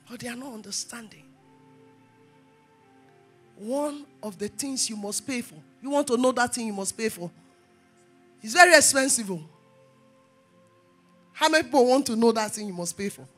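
A woman pastor, preaching a sermon in call-and-response style and rising to shouts. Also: a little high, lively intonation, moderate pace, long pauses, husky, faint music behind.

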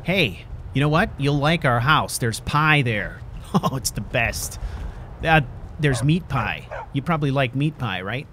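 A man talks through a game in character, joking and chatting to his dog companion. His speech is unhurried, but his pitch swings widely. Clear gameplay noise runs behind him. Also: expressive, pushed and bright. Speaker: role-play gamer. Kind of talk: in-character game role play.

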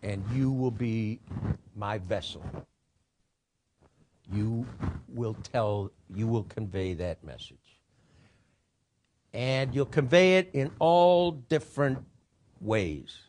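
A man putting on a solemn divine voice that speaks slowly and commandingly. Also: fairly low pitch, expressive, a little mellow, slight background noise, voice pushed up. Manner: slow, solemn, measured.

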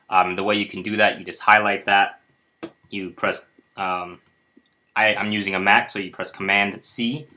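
In a casual screen-share tutorial, a man with a fairly low pitch and a bright, forceful tone guides viewers through his personal finance spreadsheet. His chatty, upbeat talk is full of fillers and restarts.

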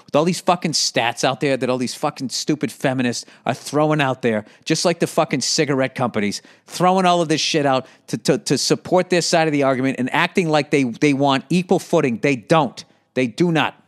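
The middle-aged Boston host talks a little fast in a mid-range voice. He reads letters from listeners aloud and answers them with heated, profanity-heavy ranting.

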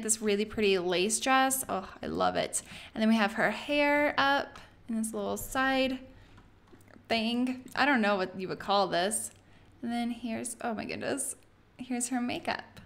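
A woman hosting a let's play, chatting excitedly through casual gameplay commentary with lots of "like". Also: fairly high pitch.

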